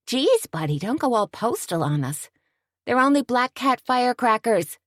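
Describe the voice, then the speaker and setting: A woman reading an audiobook voices a brash, wisecracking woman who talks in slang and gets loud when excited. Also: fairly high pitch, moderate pace, no room sound, studio quality, pitched above the performer's own voice.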